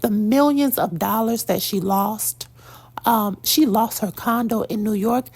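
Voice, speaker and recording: A woman's voice: medium pitch, a little slow, darkish tone, husky. A woman giving blunt, sassy celebrity gossip commentary, preaching and calling out to "girl" and "y'all".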